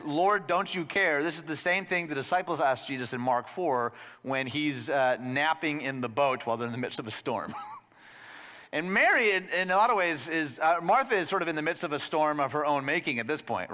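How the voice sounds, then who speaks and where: A man preaching a sermon as pastor, conversational and animated, dropping to a soft low voice for emphasis. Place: church hall. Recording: long reverb of a church hall.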